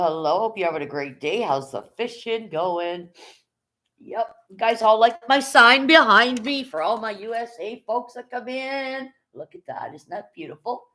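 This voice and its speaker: A live streamer with a mid-range, fairly bright voice chats casually with viewers, blunt and frequently profane. The commentary is loose and conversational, with constant check-ins with the chat.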